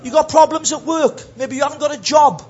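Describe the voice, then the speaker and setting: A man's voice: very high voice, brisk, muffled recording, a little hiss or hum. A man preaching a sermon as pastor, acting out voices and singing snatches of hymns. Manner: animated, acts out voices and sings snatches of hymns.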